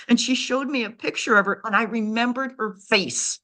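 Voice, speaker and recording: A woman's voice: a little high, normal speed, a bit bright. A middle-aged woman telling an emotional story as a guest author, heartfelt and repeating words for emphasis.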